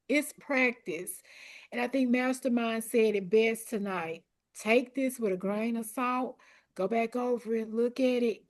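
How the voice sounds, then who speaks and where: A woman coaching a study group for an exam, speaking in a direct, repetitive and encouraging way while her voice grows hoarse and she keeps clearing her throat. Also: fairly high pitch. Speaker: academic coach.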